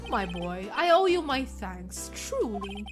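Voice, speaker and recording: A woman's voice: medium pitch, very animated, music in the background. A woman voicing a fussy elderly male lawyer who rambles, hesitates and keeps saying "my boy". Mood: fretful. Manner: halting, nostalgic, calls others "my boy".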